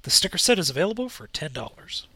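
A man with a cold talks in a gravelly, congested voice, drowsy and laid-back, on a casual podcast. His tone is bright and edgy despite the fatigue. The recording is dry and close. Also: fairly high pitch, sing-song, fast, no echo. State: has a cold, groggy from cold medicine. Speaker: podcast co-host. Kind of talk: casual chat.

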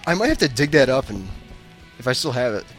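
Laid-back podcast host dude, lively voice, some faint music behind. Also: male voice, medium pitch, fast. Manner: relaxed, laughing, trailing off with fillers. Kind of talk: casual chat.

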